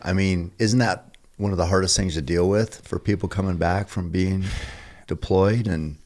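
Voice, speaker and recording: A man with a very deep voice talks as a podcast guest. He is earnest and halting, restarting sentences while he works out what he means. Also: steady tone, darkish tone. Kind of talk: casual conversation.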